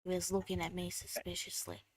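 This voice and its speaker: A woman's voice: on the low side, completely flat delivery, fairly quick, husky, no room sound. A woman playing a tabletop game in a curt, aloof manner. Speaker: player. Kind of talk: tabletop role-play.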